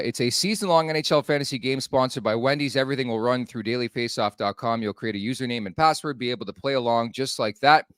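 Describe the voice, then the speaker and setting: A man hosting a hockey podcast, talking in a brisk, conversational way. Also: mid-range voice, a bit bright, smooth, dry recording, studio quality. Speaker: podcast host. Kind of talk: casual hockey talk and ad read.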